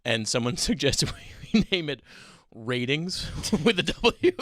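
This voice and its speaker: A man's voice: a little high, sing-song, fairly bright tone, no room sound, clean studio sound. A man from Massachusetts co-hosting a casual chat and taking a call from a viewer. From Massachusetts South Shore. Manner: chatty, quick asides and laughs. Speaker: co-host.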